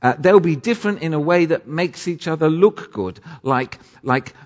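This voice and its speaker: A man's voice: fairly high pitch, lively intonation, moderate pace. A man preaching a sermon with dramatic emphasis, now and then correcting himself mid-phrase. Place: church. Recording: long reverb of a church.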